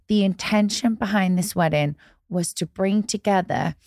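A woman co-hosting a casual podcast, telling stories with animated asides. Her voice sits fairly low and has a gravelly, creaky edge. The sound is dry and close, with no room around it. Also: no echo. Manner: chatty storyteller, animated asides. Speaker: podcast co-host. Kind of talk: casual chat.

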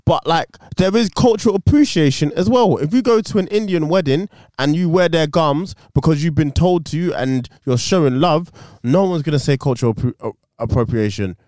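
A man's voice: a little high, moderate pace, a little mellow, no room sound, studio quality. A man co-hosting a podcast in casual chat, blunt and opinionated, swearing freely. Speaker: podcast co-host.

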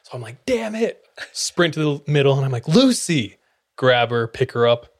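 A man's voice: mid-range voice, fairly even intonation, fairly quick, slight background noise. A young man, a podcast host, telling a funny personal story in casual chat, laughing often and swearing freely.

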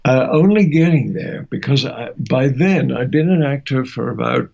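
A man's voice: medium pitch, animated, normal speed, creaky. An older man, a veteran voice actor, telling stories in an interview with occasional chuckles. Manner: warm anecdotal storytelling with chuckles. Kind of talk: reminiscing interview. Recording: muffled lo-fi audio.

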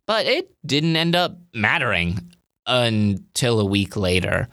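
A man's voice: medium pitch, expressive, slow pace, a bit bright, no echo, studio quality. A young man casually telling a personal story, chatty and filler-heavy, animatedly quoting himself.

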